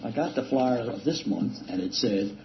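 An older man casually telling a self-deprecating recovery story, rambling with halting restarts and chuckles. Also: lowish voice, expressive. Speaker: speaker sharing a recovery story. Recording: dull lo-fi recording with faint hiss.

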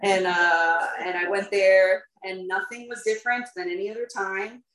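A woman's voice: mid-range voice, fairly even intonation, normal speed, fairly bright tone. A woman candidly telling her recovery story to a group, chatty and full of fillers, laughing at herself now and then. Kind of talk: personal recovery testimony to a group. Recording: roomy echo.

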